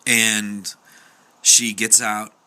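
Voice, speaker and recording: A young man tells a story in a relaxed, chatty way. His voice is low but very bright, and he slips into the voices of the people he quotes, padding his sentences with fillers. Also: extremely slow. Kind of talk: casual spoken storytelling.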